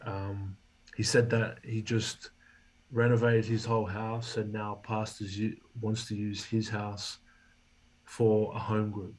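A man's voice: fairly low pitch, little pitch movement, slow pace, slight background noise, low-quality recording. A man, a guest in an interview, telling a story and acting out the dialogue he quotes. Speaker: podcast guest, former rugby league player.

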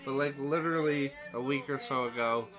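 A man's voice: medium pitch, steady tone, a little fast. Hungover young man swearing over music. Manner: loose, profane, rambling. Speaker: podcast co-host. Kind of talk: casual chat. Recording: music playing behind.

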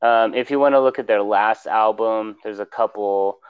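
Laid-back low guy chatting about music, smooth voice, kinda dull lo-fi recording. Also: moderate pace. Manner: laid-back, rambling, lots of fillers. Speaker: podcast co-host. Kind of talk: casual music chat.

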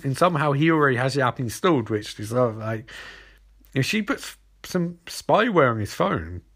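A man's voice: mid-range voice, a bit bright. A young man casually recapping a TV episode, sarcastic and rambling, acting out the characters' lines as he goes.

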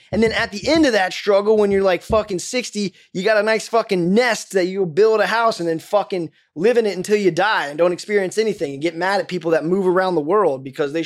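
A man as a podcast guest, ranting in a heated, profane way with many restarts. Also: high-pitched. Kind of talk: casual podcast conversation.

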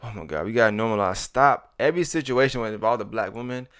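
A man's voice: fairly low pitch, quick pace, a bit bright, clear, resonant tone. A man in his thirties, co-hosting a casual podcast chat, blunt and repeating himself as he builds his point. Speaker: podcast co-host.

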